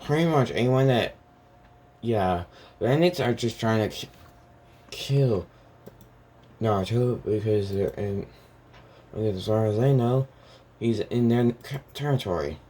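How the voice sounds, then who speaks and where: A man's voice: fairly low pitch, slow pace, long pauses, dark tone. A man casually talking through a story idea, hesitant and rambling, full of restarts and fillers.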